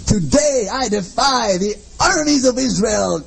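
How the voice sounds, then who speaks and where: Huge defiant giant warrior, slow drawn-out challenge, raised pitch, husky dark voice, as a preacher acts him. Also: male voice, expressive, exaggerated voice.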